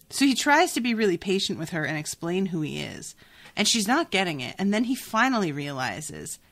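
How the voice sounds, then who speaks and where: A woman hosting a podcast, chatting casually and reacting to a book in an animated, exasperated way, swearing freely. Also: fairly low pitch. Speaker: podcast host.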